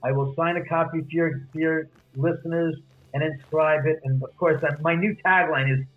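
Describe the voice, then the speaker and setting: Animated man telling a story over the phone. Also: on the high side, moderate pace. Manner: retells conversations, acting out both sides. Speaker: author and guest. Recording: tinny phone line.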